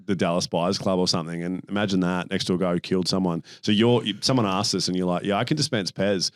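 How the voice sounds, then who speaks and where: Aussie guy hosting a podcast, lowish voice, rambles and swears, tells animated stories. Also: quick pace, smooth, dry recording, clean studio sound. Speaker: podcast host. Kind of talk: casual chat.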